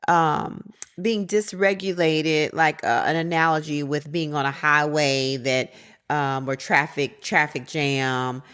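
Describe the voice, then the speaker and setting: A woman therapist co-hosting a casual talk show, telling stories with lively acted-out quotes. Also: takes it slowly, smooth. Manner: animated storyteller, acts out quotes with big pitch jumps. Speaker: therapist and co-host. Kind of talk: casual storytelling chat.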